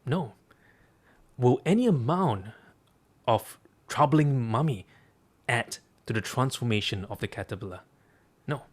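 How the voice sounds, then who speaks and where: A man's voice: medium pitch, lively intonation, measured pace, pauses often. Emphatic male coach telling a story. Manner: emphatic, repeating key phrases. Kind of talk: storytelling talk.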